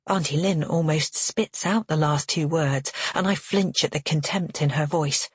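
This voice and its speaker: A woman reading a thriller audiobook in first person, with a measured, earnest delivery. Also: low-pitched, breathy edge, no room sound, clean studio sound. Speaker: audiobook narrator. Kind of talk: first-person scripted narration.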